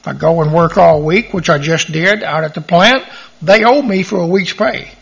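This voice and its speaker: A man's voice: a little high, moderate pace, creaky, a bit bright, breathy edge. A middle-aged man teaching a Bible study, reading verses aloud and stressing key words as he explains them. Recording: dull lo-fi recording.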